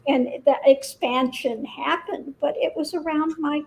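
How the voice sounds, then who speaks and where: Woman guest talking spiritual stuff, high voice, quick and earnest. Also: fairly even intonation, darkish tone, poor audio. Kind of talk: casual conversation.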